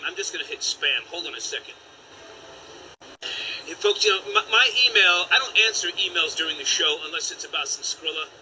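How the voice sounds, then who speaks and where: Man, live stream host, brash and profane, bright sharp voice, faint hiss behind. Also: on the high side, poor audio. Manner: loud brash banter with profanity. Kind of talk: call-in live stream show.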